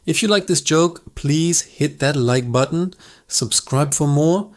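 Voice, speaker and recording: A man narrating a scripted joke as the channel's host, in a lively storytelling manner. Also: on the high side, measured pace.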